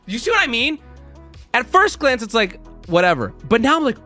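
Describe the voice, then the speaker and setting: A man hosting a live stream, telling a story to his chat in a casual, exasperated, animated way with frequent restarts. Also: very high-pitched, normal speed, soft background music. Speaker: streamer and host.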